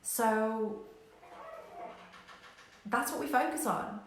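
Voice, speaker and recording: A woman business coach giving a motivational talk, energetic and direct, who acts out panicked voices and swears casually. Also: mid-range voice, normal speed. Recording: very echoey room.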